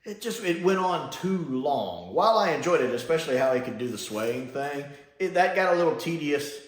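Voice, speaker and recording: A man's voice: on the high side, moderate pace. Chatty male reviewer in a roomy space. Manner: animated, chatty, with frequent "uh" and "like". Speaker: film and TV reviewer. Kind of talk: casual spoken review. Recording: roomy echo.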